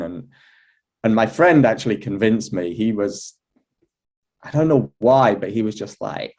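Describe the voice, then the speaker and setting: A man, an astrology teacher, telling a personal story in a relaxed, chatty way, with many fillers, restarts and an occasional laugh. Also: on the low side, moderate pace, long pauses. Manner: laughs now and then. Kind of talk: relaxed anecdotal talk.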